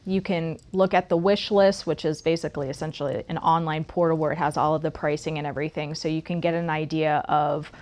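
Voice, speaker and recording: A woman's voice: low voice, steady tone, brisk, hardly any pauses, a little mellow. A woman who works as an interior designer, chatting as a guest and explaining her process step by step, often checking in with "right?". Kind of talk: casual interview chat.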